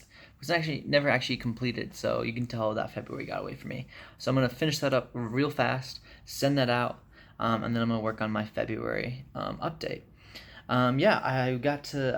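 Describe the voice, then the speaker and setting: Tired guy vlogging, loose and chatty, gravelly voice, lots of ums. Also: medium pitch. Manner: rambling, filler-heavy, relaxed chat. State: jet-lagged, tired. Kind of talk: casual vlog update. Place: hotel room.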